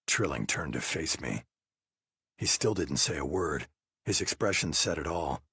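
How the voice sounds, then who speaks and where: A man narrating an audiobook thriller in a measured, first-person storytelling manner with a husky voice. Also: extremely low pitch, animated, bright, forceful tone, no echo, clean studio sound.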